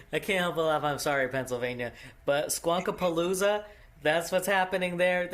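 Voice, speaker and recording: A man co-hosting a podcast in casual chat, halting with fillers and often breaking into laughter. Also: fairly high pitch, steady tone, a bit bright, a little hiss or hum. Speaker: podcast co-host. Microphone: podcast microphone.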